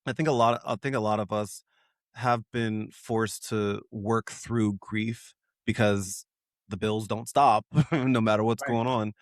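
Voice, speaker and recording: Low-voiced man host asking thoughtful questions. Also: fairly even intonation, no echo, studio quality. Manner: measured, thoughtful questioning with soft affirmations. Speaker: podcast host. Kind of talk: interview hosting.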